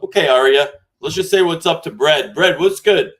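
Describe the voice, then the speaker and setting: A man hosting a live crypto stream, talking in hyped, slangy bursts full of shout-outs. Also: on the high side, moderate pace. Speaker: host. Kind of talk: casual live-stream chat.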